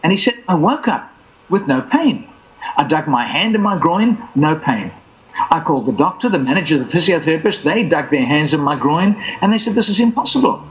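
As a guest storyteller in conversation, a man with a slightly high voice speaks at normal speed, the recording's highs cut off. He tells a long personal faith story in an animated way, acting out the voices of the people involved.

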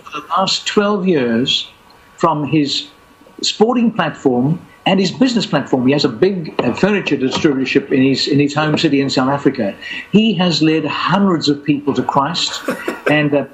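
Male guest storyteller, fairly high voice, lively testimony delivery, faint noise underneath. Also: moderate pace, low-quality recording. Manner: animated, acts out quoted voices.

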